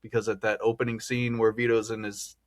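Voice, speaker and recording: A man with a lowish voice and level tone hosts a podcast, talking fairly quickly. He rambles chattily through a film in a casual discussion, laughing often.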